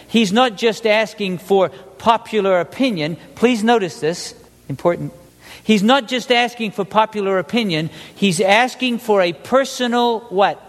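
High-voiced male preacher in a reverberant hall. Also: normal speed. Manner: animated, asks the congregation questions. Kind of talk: sermon.

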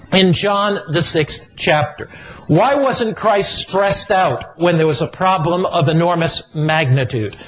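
A man preaching a sermon in a slow, emphatic, repetitive cadence. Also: high voice, a bit bright, rough recording.

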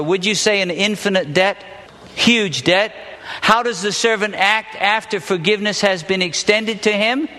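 A man delivers a sermon and walks his listeners through a Bible story step by step, pausing often to put questions to them. His voice sits high and sounds bright and sharp. It rings out with a long reverb, as if he is in a large hall. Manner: asks the audience questions, explains step by step. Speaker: preacher teaching a Bible lesson.

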